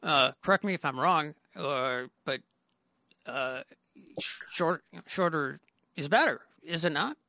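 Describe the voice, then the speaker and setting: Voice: mid-range voice, lively intonation, takes it slowly, pushed and bright, no room sound. A podcast host chatting casually with a guest, stammering through many restarts. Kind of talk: casual interview talk.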